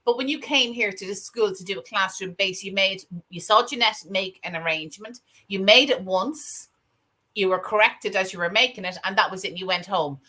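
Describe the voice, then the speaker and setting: Irish woman, flower tutor, mid-pitched bright voice, explaining calmly. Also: a little fast. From Ireland. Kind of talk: casual chat.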